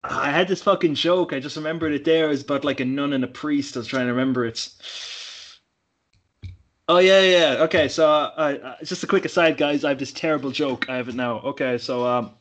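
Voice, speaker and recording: A young Irish man hosts a casual podcast chat. He talks in a fairly high voice, laughs often, and swears freely as he jokes. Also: brisk. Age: 20s. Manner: joking, profane, laughs a lot. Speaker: podcast host.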